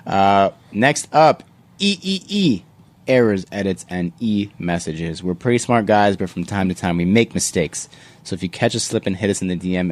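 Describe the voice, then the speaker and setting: A man with a Canadian accent hosting a casual podcast, reading out listener messages in a relaxed, joking way and correcting himself as he goes. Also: sits low. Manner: relaxed, jokey, self-correcting. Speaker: podcast host.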